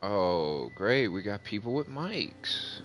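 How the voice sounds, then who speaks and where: Gaming host, male, lower voice, loose storytelling commentary, livens up in the retelling, light music bed. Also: slow pace. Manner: animated storyteller, voice jumps up when retelling. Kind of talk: casual gameplay commentary storytelling. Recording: faint music behind.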